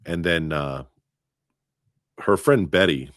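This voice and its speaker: A podcast co-host chats casually and tells stories with animation, speaking slowly in a low voice. The studio sound is clean, with no room sound.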